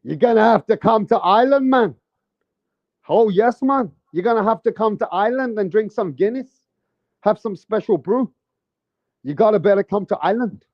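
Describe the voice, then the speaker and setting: Brash high-voiced man ranting. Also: lively intonation, moderate pace, no echo, dull audio. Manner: brash, profane, heated ranting. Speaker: boxing commentator. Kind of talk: casual vlog commentary.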